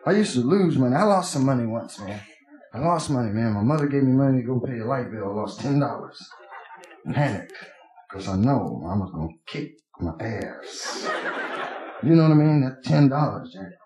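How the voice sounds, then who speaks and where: A man's voice: mid-range voice, animated, normal speed, warm tone. A man doing live stand-up in a club, telling profane, streetwise stories. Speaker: stand-up comedian. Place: nightclub stage. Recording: echoey club with crowd laughter.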